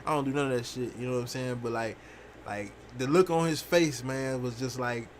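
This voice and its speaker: A young man casually telling a rambling, profane story while streaming a game, animated and full of fillers. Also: medium pitch, a little fast, slight background noise. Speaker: gaming streamer.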